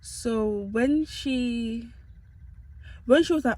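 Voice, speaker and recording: Young uk woman vlogging, animated and self-mocking, just chatting to camera. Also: a little high, slow pace, pauses often, rough recording. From United Kingdom. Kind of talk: casual storytelling to camera.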